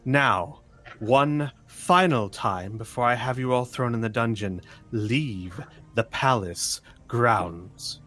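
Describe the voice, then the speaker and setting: A man's voice: medium pitch, slow pace, a bit bright, faint music behind. A man voicing a stern, commanding woman who is a palace official in a tabletop game, speaking in curt, clipped orders.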